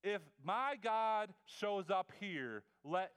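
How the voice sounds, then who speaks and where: A bold, confident male prophet, as a preacher puts him on, who lays down a challenge in slow, emphatic declarations. The voice is high and smooth. It rings out in a large hall with a long reverb. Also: lively intonation, a bit bright, heavily acted. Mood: bold challenging.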